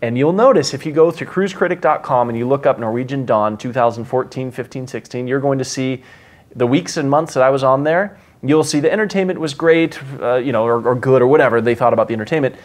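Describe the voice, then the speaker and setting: A man hosting a casual interview chat, talking quickly and with enthusiasm while telling anecdotes about his stage name. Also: mid-range voice. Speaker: host.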